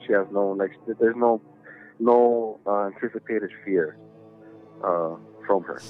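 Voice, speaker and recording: Rambling low-voiced man, tinny line. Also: slow pace. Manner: rambling, many "you know"s, heavy swearing. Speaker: podcast guest. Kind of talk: casual storytelling chat. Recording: tinny phone-like line with faint music.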